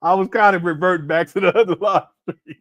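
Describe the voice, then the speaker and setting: A man's voice: sits high, fairly even intonation, brisk, a bit bright, dull audio. A man hosting a casual live commentary stream, mocking a clip he is reacting to and laughing often. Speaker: commentary channel host.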